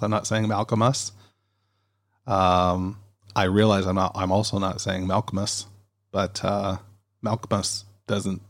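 A man hosting a podcast, rambling and chatty in a casual monologue, recorded on a studio dynamic mic. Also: lowish voice. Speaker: podcast host.

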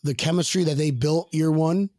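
A man hosting a casual sports chat, excitable and rambling, laughing often and restarting his sentences. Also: fairly high pitch, moderate pace, no echo, studio quality. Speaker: podcast host.

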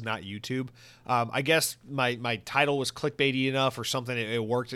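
A young man hosting a podcast, reading listener comments in a rambling, profane, animated way on a close mic. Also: medium pitch. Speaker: podcast host.

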